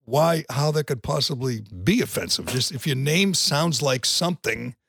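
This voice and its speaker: A man's voice: mid-range voice, animated, moderate pace, creaky, fairly bright tone, slightly rough. A man co-hosting a podcast, talking in an emphatic, indignant way in opinionated casual chat. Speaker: podcast co-host.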